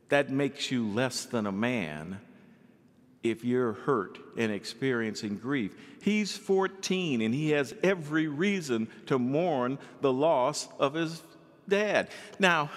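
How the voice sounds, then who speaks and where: A man's voice: medium pitch, takes it slowly. Preaching man in an echoing hall. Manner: animated preaching, acts out quoted voices. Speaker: pastor. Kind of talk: sermon.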